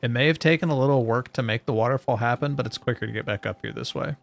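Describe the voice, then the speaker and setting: A man's voice: medium pitch, quick pace, vocal fry, faint music behind. A man streaming a game, chatting casually and joking with his viewers in a rambling way. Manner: rambling and joking, talking to chat.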